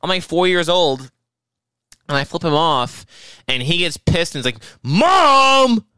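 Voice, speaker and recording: A man's voice: fairly high pitch, normal speed, sharp tone, clean tone, no room sound. A man from Long Island co-hosting a podcast, teasing his brother in casual chat and laughing often as he tells stories. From Long Island, New York. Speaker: podcast co-host.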